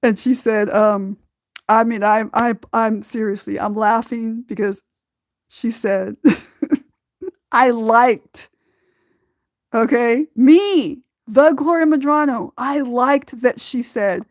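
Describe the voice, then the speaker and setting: A woman from Southern California hosting a podcast, telling a personal story slowly and from the heart, often breaking into laughter. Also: a little high, steady tone, no room sound, clean studio sound. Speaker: podcast host.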